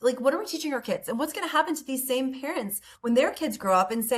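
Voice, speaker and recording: A woman's voice: high voice, expressive, fast, few pauses, husky. A woman psychologist talking as an interview guest, earnest and conversational, often saying "like" and "right?".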